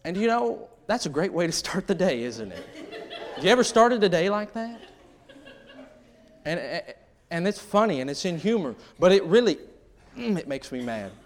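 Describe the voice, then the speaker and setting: Man, middle-aged, pastor preaching a sermon, slightly high voice, conversational, humorous. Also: sing-song, normal speed, long pauses.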